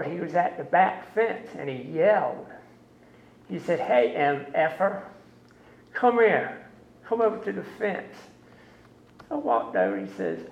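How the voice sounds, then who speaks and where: A man telling his own story of recovery to a meeting in a slow, plain-spoken way. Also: a little high, creaky, roomy sound, dull audio. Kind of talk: personal testimony at a recovery meeting.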